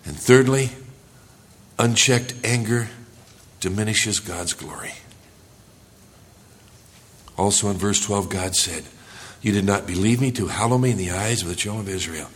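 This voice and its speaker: A male pastor preaching a sermon in church, earnest, rising for emphasis and dropping low and quiet. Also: unhurried, long pauses.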